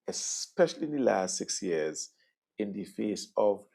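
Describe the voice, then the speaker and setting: A man with a Vincentian accent hosting a political talk show, sardonic and conversational, swinging between loud jabs and murmured asides. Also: on the low side, creaky, husky. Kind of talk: political commentary.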